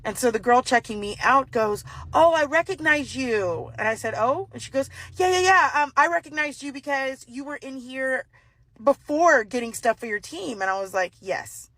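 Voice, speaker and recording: A woman telling a personal story in casual chat, acting out the voices of the people in it with big jumps in pitch. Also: normal speed, no echo. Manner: animated, acts out dialogue with exaggerated pitch jumps. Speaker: storyteller recounting a personal encounter.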